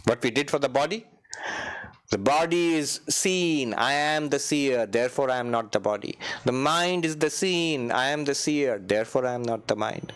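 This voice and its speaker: A man, a monk giving a spiritual retreat talk in a meditation hall, animated, swinging his pitch high and low, chuckling and chanting Sanskrit verses. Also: normal speed, smooth.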